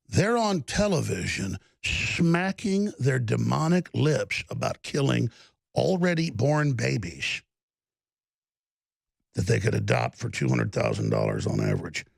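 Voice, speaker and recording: A man with a deeply gravelly, husky voice rants through a talk-show monologue. His pitch swings widely as he talks, and he keeps erupting into angry shouts. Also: huge pitch swings, unhurried, no room sound, studio quality. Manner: impassioned, bursts into angry shouting. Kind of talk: ranting monologue.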